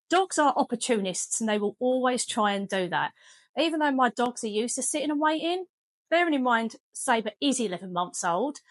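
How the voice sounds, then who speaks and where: Chatty dog trainer, woman, slightly high pitch, firm with commands. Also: no room sound. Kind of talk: casual training demonstration. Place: home kitchen.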